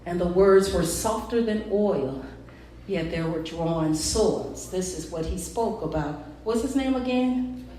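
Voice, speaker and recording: A woman preacher delivering a sermon with call-and-response, moving between quiet talk and shouting. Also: on the low side, slow, slight background noise. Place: church hall. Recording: echoey hall, distant mic, crowd responding.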